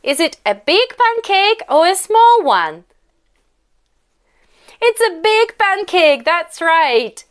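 A young woman with a Russian accent teaching English to small children, with slow, exaggerated, coaxing speech and prompts to repeat each phrase. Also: very high voice, very animated. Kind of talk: children's English lesson with a story.

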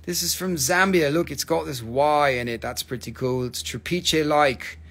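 Man, crystal-selling live host, gravelly, fairly high voice, joking, profane. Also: normal speed, fairly bright tone. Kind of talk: casual live sales stream.

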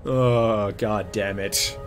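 A man's voice: fairly low pitch, very slow, over music. A young man giving casual, jokey gameplay commentary, muttering to himself and yelping in panic as he plays. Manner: excitable, jokey, yelps and mutters while playing. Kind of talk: casual let's-play commentary.

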